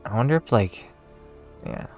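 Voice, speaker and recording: Man, Canadian accent, young adult, streamer chat, rambling, profane, slightly low pitch. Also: lively intonation, normal speed, darkish tone, faint music behind. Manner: rambling, profane, self-mocking. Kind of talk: casual game stream chat.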